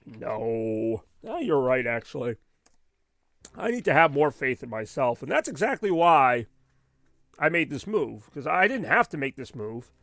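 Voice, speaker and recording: Male gaming streamer, rambling venting chatter, lively swooping delivery, gravelly fry. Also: mid-range voice, measured pace, no room sound, clean studio sound. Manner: rambling, venting, animated with frequent asides. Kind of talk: casual chat over live gameplay.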